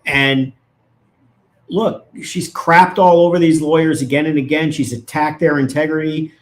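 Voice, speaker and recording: A man speaking as an attorney guest on a casual commentary show. He explains things in a measured but blunt way. His voice sits at a middle pitch for a man.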